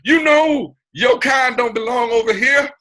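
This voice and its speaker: Policier strict et hurlant, aigu et perçant, joué par un homme pour se moquer. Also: male voice, measured pace, exaggerated voice. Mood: mock stern. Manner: shouting, high-pitched mock sternness. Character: stern male police officer ordering a man away.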